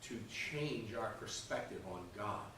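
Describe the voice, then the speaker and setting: A man's voice: fairly low pitch, animated, measured pace, fairly bright tone, distant mic, a little hiss or hum. Man teaching Sunday school in an echoey room. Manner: checks in often with "okay?" and "right?". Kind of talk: conversational Bible lesson. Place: church classroom.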